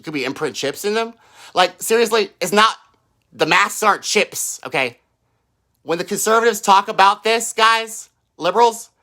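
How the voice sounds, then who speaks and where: A man holds forth in a heated, profane livestream rant, firing off mocking quotes of the people he attacks. His pitch leaps up and down constantly, and his voice has a bright, cutting edge. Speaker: political livestreamer. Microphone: own microphone.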